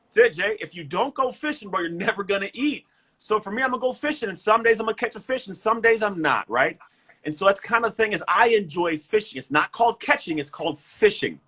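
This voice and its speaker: Brief: male motivational coach, talks quickly and energetically with a bright, slightly husky voice. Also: sits high, low-quality recording. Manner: energetic, emphatic, repeats words. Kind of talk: casual motivational talk. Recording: livestream guest.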